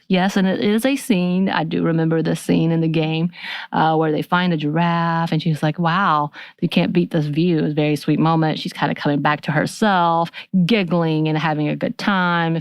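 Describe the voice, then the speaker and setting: A woman with a low voice talks through the plot of a TV episode in a relaxed, chatty way, and keeps slipping into quick acted snippets of dialogue. The sound is dry and close, with no room around it. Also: creaky, no echo. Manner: animated retelling, slipping into quick quoted dialogue. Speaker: podcast co-host. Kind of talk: casual episode recap.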